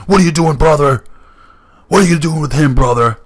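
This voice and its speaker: A man imitating a brash, loud male wrestling champion who keeps calling people "brother". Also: a little high, a little fast, background noise, voice pushed up, close to an everyday voice. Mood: taunting. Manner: shouting catchphrase "brother".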